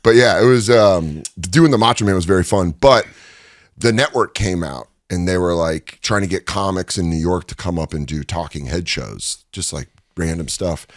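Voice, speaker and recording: Man, stand-up comedian, casual storytelling, animated, laughing, lowish voice, dry studio sound. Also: moderate pace, no echo. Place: recording studio.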